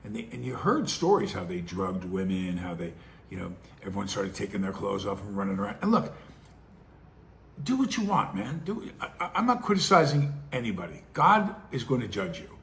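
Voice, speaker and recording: A man's voice: lowish voice, sing-song, a little fast, vocal fry, fairly bright tone, a little hiss or hum. A middle-aged man, hosting his own show with casual, rambling commentary full of restarts and acted-out quotes. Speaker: podcast host.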